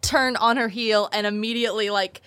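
A young woman playing a tabletop game, chatty and giggly, quick to jump in with her character's lines. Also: fairly high pitch, fairly even intonation, bright, forceful tone. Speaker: player. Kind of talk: tabletop role-play chat.

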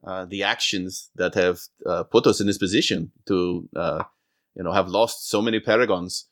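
A man's voice: sits low, fairly even intonation, moderate pace, voice pushed down, lightly acted. A man voicing a guarded, evasive male court mage who hesitates and fills his speech with "uh". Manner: hesitant, filler-heavy.

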